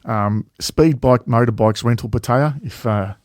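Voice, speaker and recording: A man's voice: medium pitch, unhurried, darkish tone, dry recording, clean studio sound. A man co-hosting a casual travel chat, rambling with many fillers and restarts and swearing freely. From Australia. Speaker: travel vlog co-host.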